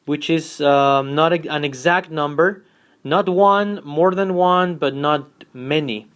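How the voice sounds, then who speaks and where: A man teaching an English grammar lesson, speaking slowly and repeating each example sentence twice. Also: a little high.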